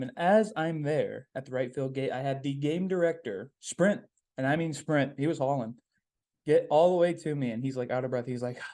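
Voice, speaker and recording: Young man, podcast host, casual solo talk, upbeat, rambling, mid-pitched. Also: mellow. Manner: upbeat, rambling, with many "um"s and repeated phrases.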